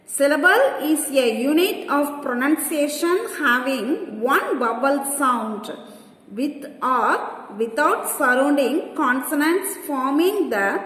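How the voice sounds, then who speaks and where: A woman teacher works through textbook exercises at a very slow, deliberate pace, spelling answers out letter by letter. Her voice sits high, and the room around her is echoey with a long reverb tail. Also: fairly bright tone.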